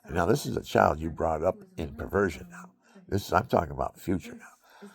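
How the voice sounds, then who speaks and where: Deep gravelly guy rambling on, half joking half preaching. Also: lively intonation, brisk. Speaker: outdoorsman talking to camera. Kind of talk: rambling monologue.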